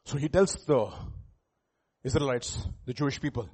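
A male pastor preaching a sermon, animated, chuckling and rising to loud emphasis, often asking the congregation questions. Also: medium pitch, moderate pace, slightly rough.

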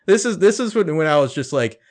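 A man's voice: fairly high pitch, sing-song, brisk, a little mellow. A man co-hosting a casual podcast, discussing a TV episode with enthusiasm and mimicking characters. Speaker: podcast co-host. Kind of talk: casual TV episode recap chat.

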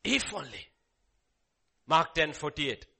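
Emphatic, lively male preacher. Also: on the high side, takes it slowly, gravelly, husky. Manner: emphatic, repeats phrases, swings from loud calls to hushed lines. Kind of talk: sermon.

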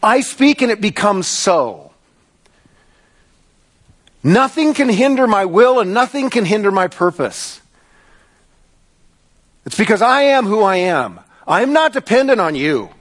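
A man's voice: high voice, sing-song, a little slow, long pauses, voice pushed up, exaggerated voice. A man preaching in the voice of God, an almighty eternal creator, proclaiming in a declamatory way.

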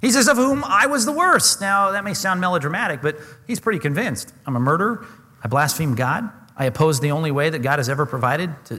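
A man's voice: on the high side, a bit bright, long reverb tail. A man preaching a sermon, earnest and emphatic, often asking his listeners questions. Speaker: pastor.

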